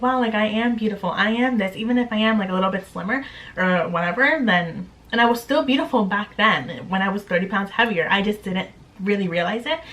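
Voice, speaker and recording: A woman's voice: mid-range voice, a bit bright, rough recording. A young woman vlogging at home in a chatty, upbeat, candid way, full of "like" fillers. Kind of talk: casual chat to camera.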